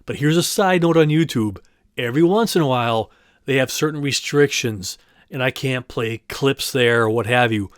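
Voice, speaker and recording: A man's voice: mid-range voice, normal speed, no room sound, studio quality. A man hosting a solo podcast, chatting in a casual, rambling, self-deprecating way and thanking his listeners. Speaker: podcast host.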